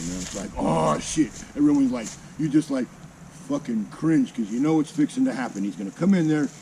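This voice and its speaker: A man's voice: mid-range voice, slight background noise, poor audio. Profane older man spinning a yarn. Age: 60s. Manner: heavily profane, salty, animated with mimicked sounds. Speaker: channel host telling a personal story. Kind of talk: casual spoken storytelling.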